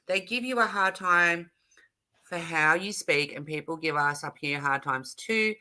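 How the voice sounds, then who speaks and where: Bright-voiced chatty Australian woman. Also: low-pitched, unhurried. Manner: chatty, giggly, rambling with self-corrections, reads out viewer comments. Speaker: live stream host. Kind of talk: casual live stream chat.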